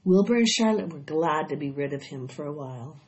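A woman reading a children's story aloud in a steady, expressive way. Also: sits low, fairly quick. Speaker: audiobook reader. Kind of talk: storybook read-aloud narration. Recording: dull lo-fi recording.

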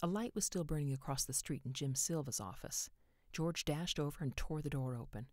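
Expressive woman narrating a story. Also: deep voice, brisk, no echo, clean studio sound. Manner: expressive, voices each character.

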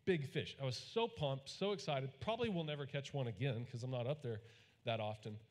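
A man's voice: medium pitch, a little fast. A man from Texas, preaching a sermon in a folksy storytelling way and getting the congregation to repeat lines back. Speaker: pastor. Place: large church hall. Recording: long hall reverb.

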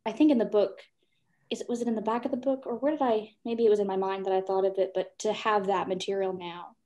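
A woman's voice: medium pitch, a little mellow. A woman co-hosting a library podcast, enthusiastic and rambling as she talks with a guest author. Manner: enthusiastic, rambling, gets emotional. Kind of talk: podcast interview.

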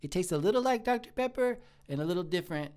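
A man's voice: high-pitched, fast. A man playing a sweet, shy male restaurant cook in his thirties, who talks in an earnest, rambling way in improvised live-stream comedy. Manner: earnest, easily flattered, rambling.

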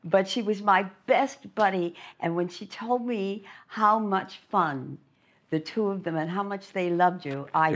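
A woman's voice: mid-range voice, unhurried. An older woman reminiscing in a casual conversation, speaking in an effusive, enthusiastic way. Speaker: honoree in conversation.

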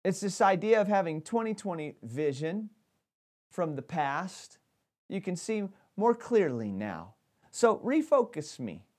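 A man's voice: sits high, sing-song, measured pace, darkish tone. A man preaching a sermon as pastor, talking animatedly and often restarting his phrases.

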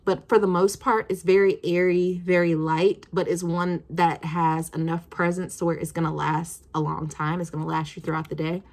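A woman's voice: lowish voice, flat delivery, moderate pace, hardly any pauses, darkish tone. A woman in her twenties chatting casually as she reviews perfumes, thinking aloud with plenty of fillers. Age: 20s.

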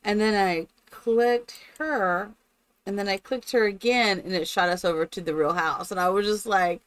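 A woman's voice: mid-range voice, normal speed, clean tone, poor audio. A woman streaming gameplay live, chatting along and talking fondly to her game characters, after opening with a spoken blessing.

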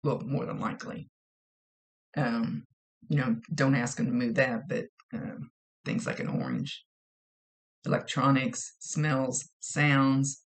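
A woman's voice: extremely low pitch, lively intonation, slow, long pauses. A woman working as a psychic medium who gives a casual reading, relaying messages and direct advice and often repeating her phrases.

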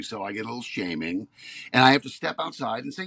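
An actor in his fifties, guesting on a podcast, tells stories in casual conversation and grows more worked up as he goes. His medium-pitched voice is gravelly and husky, he speaks fast, and the recording is dry.

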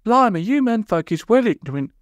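A man's voice: high-pitched, very animated, fairly quick, no room sound, clean studio sound, voice pushed up. A man voicing a blunt, indignant nine-year-old girl who talks in brash, slangy scolds. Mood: scolding.

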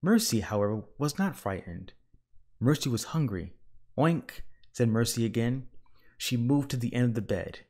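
A man reading a children's picture book aloud with gentle, measured storytelling. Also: mid-range voice, animated. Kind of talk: children's read-aloud narration.

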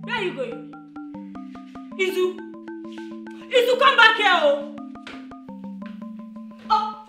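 A very high, bright-voiced Nigerian wife, jealous and bossy, scolding and accusing in a film drama. Her voice rings in an echoey room with music underneath. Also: expressive, slow, heavily acted. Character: jealous, confrontational young wife, bossy and loud.

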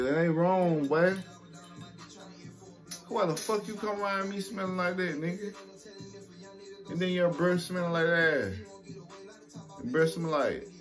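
A young man telling a casual story to camera, animated and profane, acting out what people said. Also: a little high. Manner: animated, profane, acts out quotes.

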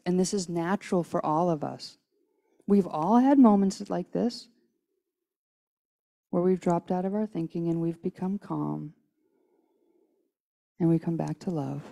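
A woman's voice: sits low, vocal fry, dark tone. A woman giving a conversational sermon in a church, chatty with restarts, tired from little sleep. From United States. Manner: casual, chatty, with restarts and acted-out quotes. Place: church sanctuary.

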